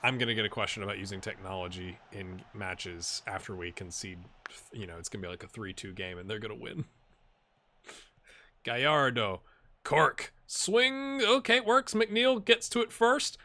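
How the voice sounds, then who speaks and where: Here a man with a mid-range voice sounds pushed and bright, his intonation lively and his pace moderate. He's in the middle of a football manager game, casually talking to viewers and reacting to the match with cheers and mumbles. A headset with earbuds captures this easygoing let's-play commentary.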